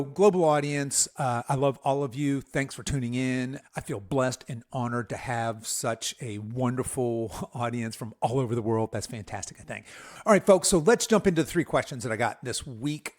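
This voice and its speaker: A man in his sixties, a fitness coach hosting his own podcast, talking in an upbeat, enthusiastic way with hype-style shout-outs to listeners. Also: mid-range voice. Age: 60s. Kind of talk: energetic podcast monologue.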